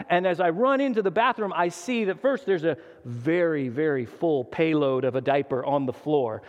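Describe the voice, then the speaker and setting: A man in his thirties preaching a sermon as a guest pastor, earnest and animated as he tells stories, often restarting his sentences. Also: on the high side, fast, in a large hall, dull audio.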